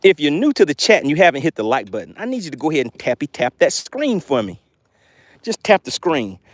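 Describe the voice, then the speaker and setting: A man's voice: on the high side, very animated, a little fast. A man hosting a live fishing stream from a boat, joking with chat and hyping his catches with made-up words. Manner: playful, hypes catches with made-up words, reads viewer comments aloud. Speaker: fishing livestream host. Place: outdoors on a boat on a lake.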